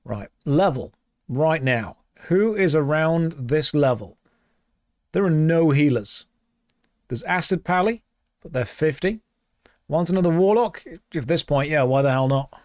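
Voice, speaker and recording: A man's voice: a little high, expressive, a little slow, darkish tone, no echo, studio quality. A man streaming a game, reading chat aloud and answering in a playful, exasperated way. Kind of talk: casual gaming stream chat.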